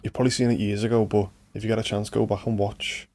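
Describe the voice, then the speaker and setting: A man with a Scouse accent, hosting a casual podcast chat, animated and stumbling over repeated words. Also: fairly low pitch, quick pace. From Liverpool, England.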